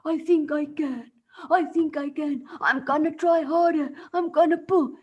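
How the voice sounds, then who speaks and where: A woman voicing a humble, determined male tortoise in a storybook tale, slow and hushed. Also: high voice, fairly even intonation, muffled recording.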